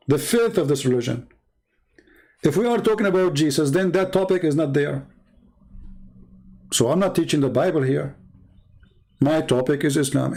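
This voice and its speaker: A man with a gravelly, slightly high voice delivers a blunt, scornful monologue. He speaks plainly and combatively as the host of his own channel. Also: a little mellow.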